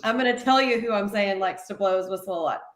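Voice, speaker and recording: A woman co-hosting a casual sports podcast, telling stories in an animated way. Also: mid-range voice, fast, roomy sound. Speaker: podcast co-host.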